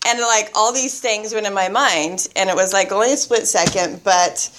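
A woman's voice: medium pitch, moderate pace, noisy background. A woman telling her own story to a meeting audience, nervous and chatty, often laughing at herself. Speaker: guest speaker at a recovery meeting. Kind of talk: personal story told to a live audience.

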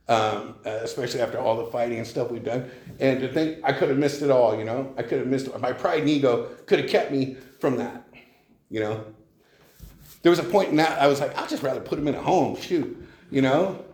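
A middle-aged man giving a candid, conversational personal testimony at a recovery meeting, speaking from a podium with frequent chuckles. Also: medium pitch. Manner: candid and conversational, leans on "you know", chuckles often. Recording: roomy room echo.

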